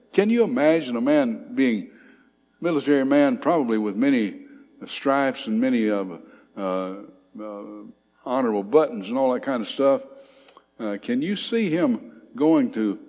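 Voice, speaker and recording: A man leads a Bible study, reading scripture passages aloud and stopping to explain them. His voice sits at an ordinary middle pitch and rises on emphatic lines. The sound carries a long reverb, as in a large hall. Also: a little mellow. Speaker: Bible teacher.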